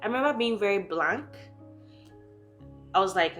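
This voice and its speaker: A young woman from Nigeria, talking candidly and emotionally in a personal vlog, quick and full of fillers. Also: mid-range voice, expressive, fairly bright tone, soft background music. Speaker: vlogger.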